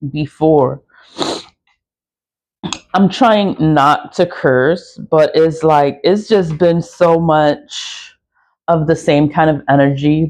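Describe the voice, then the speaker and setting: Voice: mid-range voice, darkish tone. Blunt, cursing spiritual vlogger. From the Bronx, New York. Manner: blunt, profane, repetitive venting. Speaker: spiritual practitioner and seller. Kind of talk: casual vlog monologue while doing a candle ritual.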